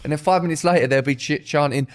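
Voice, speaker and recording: A man's voice: a little high, fast talker. A man co-hosting a podcast, bantering casually and swearing as he mocks people in put-on voices. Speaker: podcast co-host. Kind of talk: casual chat.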